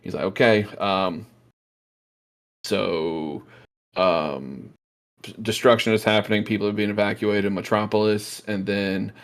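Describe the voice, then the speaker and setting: Podcast host, male, lowish voice, eager scene-by-scene recap, chatty and loose. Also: a little slow, long pauses. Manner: excited retelling, lots of fillers, acts out quotes. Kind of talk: casual movie review chat.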